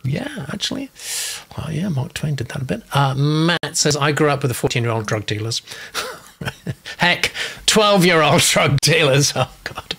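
English guy hosting a video call panel, gravelly voice, chatty, reads comments out loud. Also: a little high, normal speed. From England. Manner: warm, chatty, breaks into laughs. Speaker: host of a manuscript feedback show. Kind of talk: casual panel chat, reading out viewer comments.

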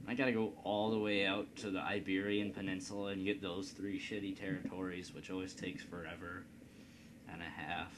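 A man with a somewhat low voice talks through a strategy game in a loose, rambling way, cracking jokes at his own expense. A steady hiss sits under the recording. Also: normal speed. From Indiana, United States. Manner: rambling, joking, self-deprecating. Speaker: let's play host. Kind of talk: casual gameplay commentary. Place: at home computer.

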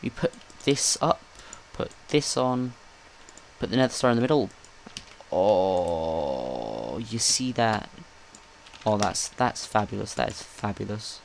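A man talks through his game as he plays, excitable and quick to joke at his own expense. His voice sits at an ordinary middle pitch, with a faint hiss of noise behind him. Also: gravelly. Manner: excitable, jokey, talks to himself. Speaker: gaming channel host. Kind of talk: live gameplay commentary.

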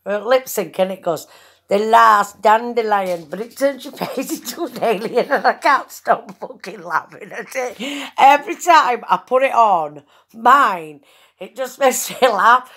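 A woman's voice: a little high, expressive, a little slow, a bit bright, slightly rough. A woman chatting casually to camera, giggling often, swearing freely and rambling from one thing to the next.

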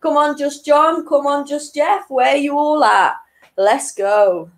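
A woman in her late twenties hosts an online quiz, chatty and quick to poke fun at herself, giggling every so often. Her voice sits high and she speaks slowly. The audio quality is poor.

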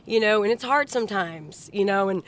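A woman's voice: medium pitch, normal speed. A woman co-hosting a podcast, speaking earnestly and affirming what others say in casual chat.

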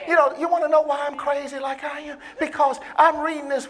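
A bishop preaching a sermon to a congregation, moving from low, casual talk to loud, impassioned calls and laughing between lines. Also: level tone, fairly quick, hardly any pauses, a faint crowd. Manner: casual vernacular grammar.

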